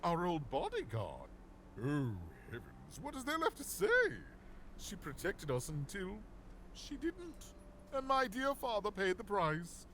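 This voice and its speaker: An actor playing a snobby, pompous young duke in a video game, with a haughty, drawling, theatrical manner. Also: male voice, sits high, huge pitch swings, measured pace, fairly bright tone, slight background noise, heavily acted. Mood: dismissive.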